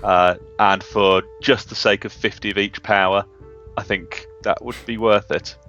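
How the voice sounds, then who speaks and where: A man's voice: lowish voice, fairly even intonation, measured pace, a bit bright, dull audio, faint music behind. A man casually chatting while playing a strategy game with his brother, reasoning his choices through at length. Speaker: co-op gamer. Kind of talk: casual gameplay chat.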